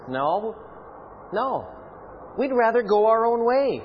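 A man preaching a sermon in an animated, rhetorical way with playful asides. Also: extremely high pitch, slow pace, long pauses, dull audio, slight background noise.

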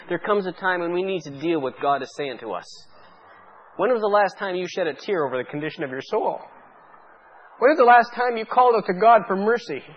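A man with a high voice delivers a sermon, pleading with his listeners and pressing them with rhetorical questions. The sound is dull and lo-fi, like an old radio broadcast. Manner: fervent, pleading preaching with many rhetorical questions. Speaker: pastor.

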